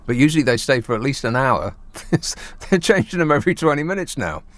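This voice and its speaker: A man hosting a talk radio show, bantering in a sarcastic, deadpan way. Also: medium pitch, a little fast, no room sound. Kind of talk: solo talk radio chat.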